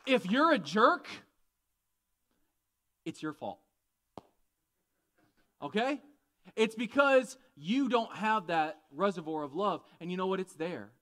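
High-voiced man preaching animatedly. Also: slow pace, pauses often. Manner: animated, conversational, asks the audience questions. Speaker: pastor. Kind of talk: sermon.

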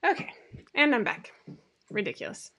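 Chatty, bright-voiced woman on a home livestream. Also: fairly high pitch, very animated, normal speed, creaky. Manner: chatty, rambling, self-deprecating, many fillers. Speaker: sewing pattern designer hosting a weekly live show. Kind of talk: casual livestream chat. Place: home room.

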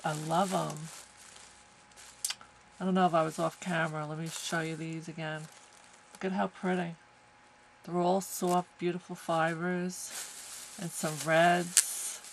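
A woman's voice: lowish voice, creaky, a little hiss or hum, low-quality recording. A woman from the United States opening a package on camera, gushing with lots of exclamations. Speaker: crafting vlogger. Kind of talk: casual unboxing chat.

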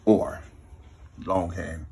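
Slow husky man musing on numbers. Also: fairly even intonation, warm tone. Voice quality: very husky, slow, low-key. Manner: keeps saying "you see", counts numbers half-aloud. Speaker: self-taught numerology teacher. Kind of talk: rambling spiritual monologue.

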